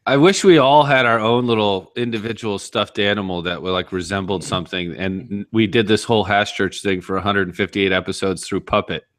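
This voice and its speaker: A man's voice: lowish voice, fairly even intonation, brisk, few pauses, fairly bright tone, no room sound, studio quality. A man chatting casually on a podcast, telling a long rambling story with many restarts. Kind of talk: casual chat.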